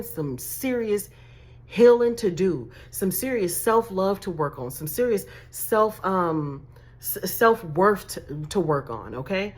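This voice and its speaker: A woman, giving emphatic, sassy dating advice as a life coach with laughing asides. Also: medium pitch. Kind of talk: direct-to-camera advice talk.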